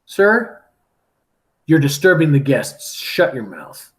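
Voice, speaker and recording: A man voicing a calm, stern doctor who speaks in a cool, proper manner. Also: on the high side, slow pace, exaggerated voice. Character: calm, stern male doctor, dignified and unflappable.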